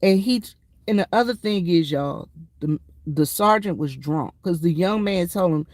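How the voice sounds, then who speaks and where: A woman's voice: fairly low pitch, animated, normal speed, a little mellow, dry recording. A woman veteran speaking to her viewers in a casual, emphatic storytelling monologue, often calling them y'all. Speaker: military veteran vlogger.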